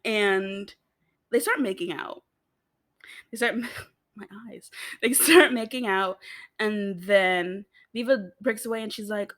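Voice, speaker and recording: A young American woman rambling through a TV recap in a casual, chatty way, giggling between thoughts and tossing in little asides. Her voice sits at an ordinary middle pitch for a woman. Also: a little slow, a bit bright. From United States. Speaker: video host.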